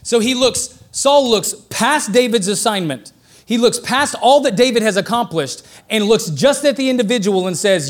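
A man preaching a sermon with a notably high voice. He talks in a relaxed, joking way and builds up excitedly when he drives a point home. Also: normal speed. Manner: conversational and joking, rising excitedly for emphasis.

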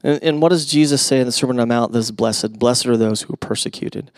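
Preaching with a mid-range voice at a fast clip, this middle-aged male pastor keeps things conversational and tosses asides to the congregation. Loud, emphatic moments give way to hushed near-whispers, with no room sound in the recording.

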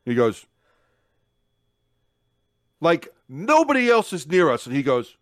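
Animated, foul-mouthed storyteller, a man. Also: a little high, slow, no room sound, clean studio sound. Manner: animated storyteller, swears freely, acts out quotes. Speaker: podcast co-host. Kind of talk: casual storytelling chat.

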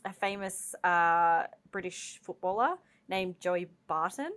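A woman's voice: lowish voice, takes it slowly. A woman co-hosting a podcast, telling stories in casual chat with lots of fillers. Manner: animated storytelling, many fillers. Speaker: podcast co-host.

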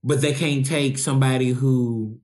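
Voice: medium pitch, steady tone, moderate pace, darkish tone. A podcast host from the United States who talks bluntly and directly, swearing freely. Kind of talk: casual podcast chat.

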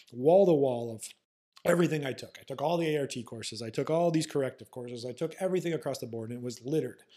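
A man speaks in a mid-pitched, somewhat husky voice, hosting a podcast monologue. He is blunt and profane, with a sarcastic edge. He talks like a manual therapist lecturing his peers. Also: mellow.

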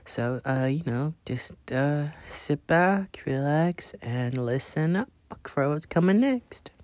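A man's voice: on the high side, animated, slow, a little mellow. A young man hosting a casual solo podcast, rambling with many fillers and restarts. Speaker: podcast host.

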